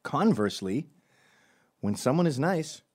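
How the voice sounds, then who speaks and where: A man's voice: mid-range voice, very animated, unhurried, darkish tone, breathy edge, dry recording, clean studio sound. A middle-aged man hosting a comedic opinion monologue, sardonic and profane, often mocking people in put-on voices. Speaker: commentary show host.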